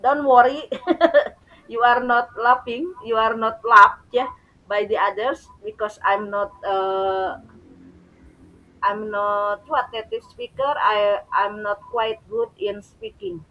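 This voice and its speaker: A woman with a Sundanese accent, a Sundanese native speaker presenting in an online teachers' meeting, hesitant with fillers and quick to laugh. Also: on the high side, bright, forceful tone, muffled recording. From West Java, Indonesia.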